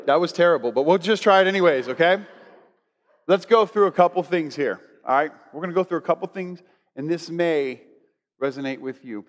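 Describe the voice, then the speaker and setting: A man's voice: fairly high pitch, fairly quick. A man preaching a conversational sermon to a church congregation, leading them in spoken declarations. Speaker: pastor. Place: church sanctuary. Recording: long hall reverb.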